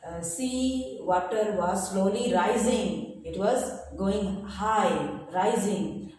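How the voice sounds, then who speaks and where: A woman teacher, slowly reading a textbook chapter to pupils and explaining each word in simple terms, with pauses and fillers. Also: medium pitch, darkish tone, far from the mic. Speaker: school teacher. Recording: echoey room, voice from away from the mic, faint noise.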